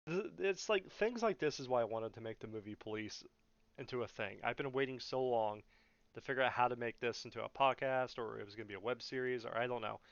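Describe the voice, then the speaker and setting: A man's voice: mid-range voice, fast talker, dry recording, highs cut off. A young man hosting a podcast, ranting in a casual, profane, mocking way and often laughing. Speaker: podcast host.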